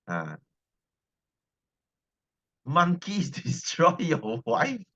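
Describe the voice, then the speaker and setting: A man's voice: mid-range voice, lively intonation, moderate pace, a bit bright. Malaysian man, science teacher, loose chatty class banter, keeps repeating lines, dull lo-fi recording. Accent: Malaysian English. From Selangor, Malaysia. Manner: chatty, repeats phrases, keeps asking "right?". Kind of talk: casual class talk with students.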